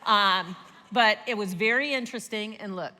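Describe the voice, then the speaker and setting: A woman in her forties leads a teaching session in a lively way, checking in with "right?" again and again. Her voice is bright and clear, and it carries a long reverb, as if recorded in a large hall. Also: mid-range voice, moderate pace.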